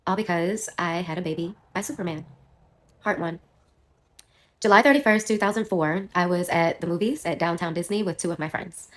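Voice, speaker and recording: A woman in her thirties who is under the weather, telling a personal storytime in a quick, rambling way and correcting herself as she goes. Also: fairly low pitch. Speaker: storyteller in a clip.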